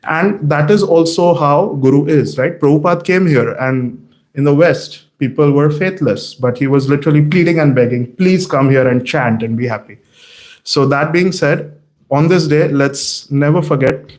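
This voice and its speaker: A man giving a morning scripture class in a temple hall. He tells the stories in an animated way, with plenty of "uh" and "like" along the way. His voice sits at an ordinary middle pitch. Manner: animated storytelling, many fillers. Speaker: class speaker.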